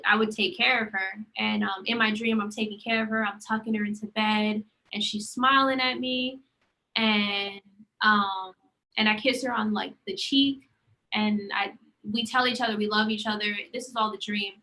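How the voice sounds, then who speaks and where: On this low-quality recording, a young female podcast co-host speaks at a normal speed with a medium pitch. She's an animated storyteller in a casual chat, performing the quoted lines as she goes.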